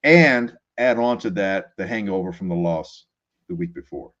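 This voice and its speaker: A man guesting on a sports talk show, animated and quick to laugh, often restarting his sentences. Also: sits low, muffled recording.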